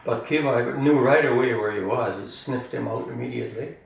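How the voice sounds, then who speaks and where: A man's voice: mid-range voice, a little fast, gravelly. An older man reminisces in a rambling, chuckling way, often tagging his sentences with "eh?". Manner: rambling, chuckling, ends phrases with "eh?". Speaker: family storyteller. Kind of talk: casual reminiscing. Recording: roomy, distant mic, faint room noise.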